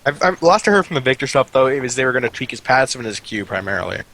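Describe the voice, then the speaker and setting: Fast-talking man co-casting a game. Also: mid-range voice, very animated, a bit bright, poor audio. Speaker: co-caster. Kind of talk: casual game commentary.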